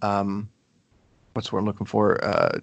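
A man's voice: on the low side, little pitch movement, moderate pace, gravelly, no room sound. Rambling man reviewing a game. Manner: rambling, many fillers and restarts. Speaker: podcast co-host. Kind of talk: casual game review chat.

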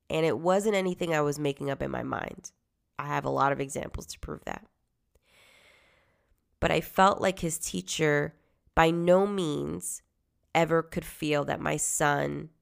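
A low-pitched woman with a gravelly edge to her voice, recounting a personal story about her son. She talks conversationally, often dropping to a hushed tone and growing animated when she is indignant. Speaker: mother telling her story.

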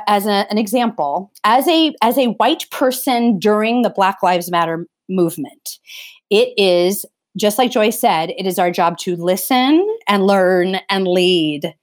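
A middle-aged woman talking earnestly in a conversation, emphatic and often restarting her phrases. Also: medium pitch. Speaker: theatre vocal coach.

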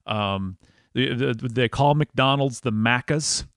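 A man's voice: mid-range voice, slow, creaky, fairly bright tone, no echo, clean studio sound. A man hosting a casual interview, playful and joking with his guest. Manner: playful, jokey, voice leaping up and down. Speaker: podcast host.

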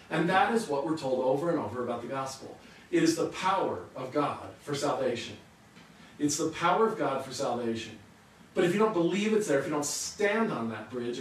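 A man delivers a sermon in a slightly high voice, posing rhetorical questions and answering them in an earnest teaching manner. He sounds set back from the mic in a very echoey room, with faint ambience underneath. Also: far from the mic, slight background noise. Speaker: pastor.

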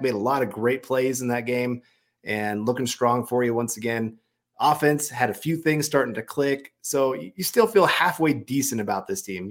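A man co-hosting a sports podcast, explaining his reasoning at length in a conversational way. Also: mid-range voice. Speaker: podcast co-host. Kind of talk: casual sports analysis.

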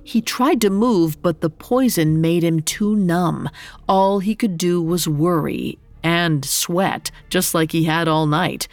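A woman narrating a mythological story in a calm, measured scripted style. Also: lowish voice, no echo.

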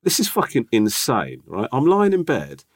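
Man, forties, casual podcast storytelling, sweary, lively pitch. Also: moderate pace, no echo, clean studio sound. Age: 40s. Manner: animated, exasperated, sweary storyteller. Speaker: podcast co-host.

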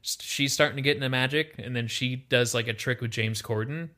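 A young man with a mid-range voice, running a little fast, co-hosts an easygoing podcast chat. He's an animated storyteller who plays out the quotes.

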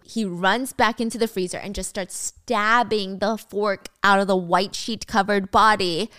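A woman's voice: mid-range voice, unhurried, few pauses, clear, resonant tone, no echo, clean studio sound. Chatty young woman recapping a drama. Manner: chatty, animated storytelling. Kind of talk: casual drama recap narration.

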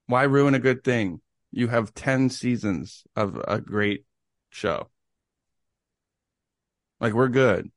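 A man's voice: mid-range voice, slow pace, long pauses, dry recording, studio quality. A young man co-hosting a podcast, chatting casually, joking and giving firm opinions. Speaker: podcast co-host. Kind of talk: casual chat.

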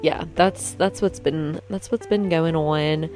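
A young woman from the US East Coast chats in a loose, rambling vlog style, often breaking off mid-thought and laughing at her own jokes. Her voice sits on the lower side, and faint music plays underneath. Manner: rambling, self-interrupting, jokey, quick laughs. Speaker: vlogger. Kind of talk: casual chatty vlog.

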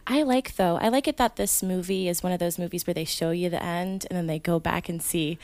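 A woman from Maryland, a guest on a podcast, speaking in a lowish voice with a wry, explanatory manner. The sound is dry and close to the mic. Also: brisk, a little mellow, no room sound. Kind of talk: casual chat.

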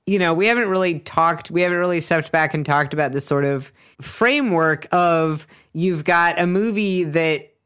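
A podcaster in casual film talk, halting with fillers, then warming up with enthusiasm. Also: medium pitch, clean tone. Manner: hesitant, filler-heavy, enthusiastic.

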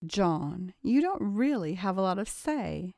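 A scheming teenage girl with a mocking edge, as a woman reads her. Her voice is mid-pitched, and the storybook reading sounds dry and close. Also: sing-song, a little slow, gravelly, mellow, no echo.

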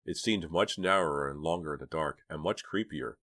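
A man reading a novel aloud as an audiobook, in an even, measured storytelling manner. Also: extremely low pitch, no echo. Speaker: audiobook reader. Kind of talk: audiobook narration.

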